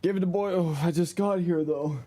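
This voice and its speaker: Sleepy, slightly hoarse playful man. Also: high voice, brisk, dark tone. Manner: playful, greeting viewers one by one; sleepy, laid-back. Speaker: game streamer. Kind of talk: casual live-stream chat.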